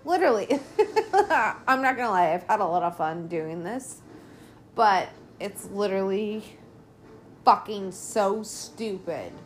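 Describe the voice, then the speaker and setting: A woman's voice: medium pitch, measured pace, slight background noise. Exasperated woman riffing on a movie. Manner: lively, exasperated, heavy swearing. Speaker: podcast host. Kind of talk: casual movie commentary.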